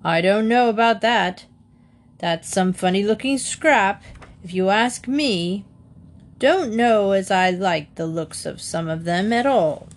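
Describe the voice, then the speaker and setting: A woman voicing a gruff, pompous male doorman who blusters with suspicion, in a read-aloud storybook. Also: mid-range voice, slow pace. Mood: blustering.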